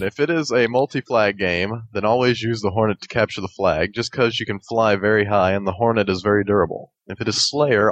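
Low-voiced man reading listener tips. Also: no echo, dull audio. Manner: laid-back, laughs often, reads listener tips. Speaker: podcast co-host. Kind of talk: casual gaming podcast chat.

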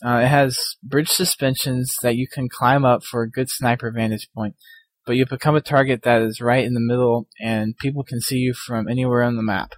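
Male co-host, gaming podcast banter, mid pitch, dry close sound, jokey reads. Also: flat delivery, brisk, dry recording. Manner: jokey, laughs often. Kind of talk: casual chat, reading listener emails.

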